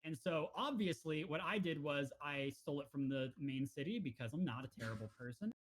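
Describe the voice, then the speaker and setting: A man with a fairly high voice chats casually on a gaming podcast. He tells his stories with energy and acts out the lines of the characters he met. The talk is loose and full of fillers. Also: a little fast, slight background noise. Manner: animated storyteller, acts out game characters' lines. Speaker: podcast co-host.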